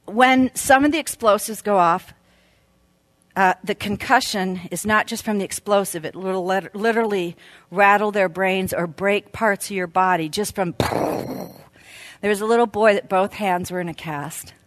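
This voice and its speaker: Lady preaching, tells stories then goes soft and hushed praying, dry close sound. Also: medium pitch, normal speed, no echo. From United States. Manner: earnest, storytelling, dropping to a soft hush in prayer. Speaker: speaker at a women's Christmas event. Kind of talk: sermon with storytelling and prayer. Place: event venue.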